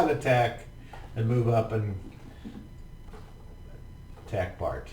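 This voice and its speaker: A man's voice: mid-range voice, slow pace, pauses often. A man running a tabletop game as game master, narrating attacks in a laid-back, profane, vivid way. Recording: roomy, distant mic with faint ambience.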